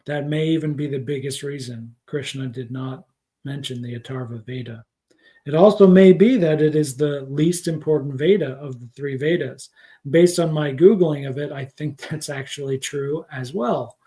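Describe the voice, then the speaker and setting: A man's voice: a little high, mellow. A man teaching scripture in a casual livestream lesson, rambling and thinking aloud with many fillers. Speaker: spiritual teacher.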